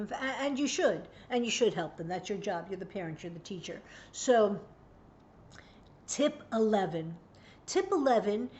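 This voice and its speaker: Older lady giving parenting tips, earnest and emphatic, kinda high voice, dull muffled sound, faint hum. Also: darkish tone. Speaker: parenting educator. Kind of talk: direct-to-camera parenting lesson.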